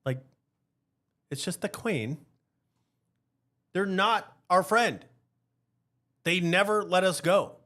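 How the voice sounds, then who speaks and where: A man hosting a podcast, giving heated political commentary in an animated, rhetorical way and often tagging his points with a question. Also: high-pitched, slow, pauses often. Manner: animated, rhetorical, keeps asking "right?". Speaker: podcast host.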